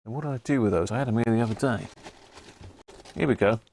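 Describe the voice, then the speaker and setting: Talking fast in a darkish, mid-range voice, this man hosts a casual live stream for radio hobbyists. He rambles on while answering viewers, reading their chat aloud and restarting his sentences along the way.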